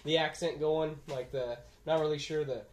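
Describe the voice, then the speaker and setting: A man's voice: fairly high pitch, fairly even intonation, normal speed. A young man co-hosting a casual movie review chat, laid-back and agreeable. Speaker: podcast co-host. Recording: echoey room.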